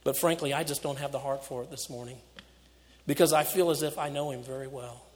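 A man preaching a storytelling sermon, swinging from loud to hushed and laughing off his own slips. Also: medium pitch, fairly even intonation, brisk. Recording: echoey hall.

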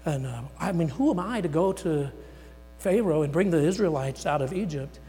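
Male pastor, slightly high voice, theatrical sermon delivery with big dynamic swings; long reverb, light hum. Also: animated, normal speed, faint music behind. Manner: dramatic, voices the words of God and Moses; swings between loud emphasis and near-whispers. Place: church sanctuary.

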